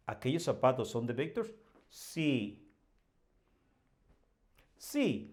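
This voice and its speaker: Slow, patient male teacher. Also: medium pitch, lively intonation, darkish tone. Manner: patient, repeats example sentences, modeling question intonation. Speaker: Spanish teacher. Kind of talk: slow explanatory language lesson.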